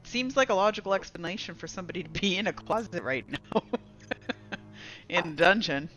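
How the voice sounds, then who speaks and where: A woman narrating as dungeon master in a casual, halting way, with faint music behind. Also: fairly low pitch, lively intonation, a bit bright, highs cut off. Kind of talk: narrating a tabletop game.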